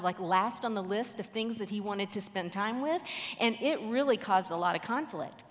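Woman, fairly high voice, earnest, reflective storytelling, live talk, long hall reverb. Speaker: marriage speaker. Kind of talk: personal story told to an audience.

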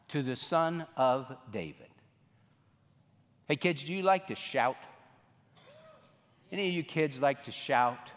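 Male pastor, animated sermon delivery, lots of reverb. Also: on the high side. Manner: animated storytelling preacher. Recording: long reverb of a large room.

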